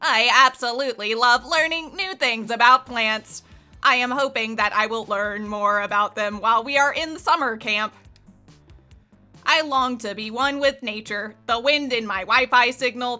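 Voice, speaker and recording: An earnest computer character who loves nature, voiced by a woman reading game text speaks in a stiff, overly formal cadence. The voice is bright and slightly high. Every line is delivered with prim politeness. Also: moderate pace, soft background music.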